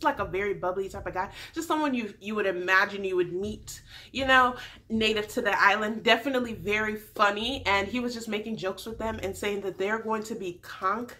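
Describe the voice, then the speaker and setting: A woman giving a casual, animated TV recap as a vlogger, slangy and quick to laugh. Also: mid-range voice.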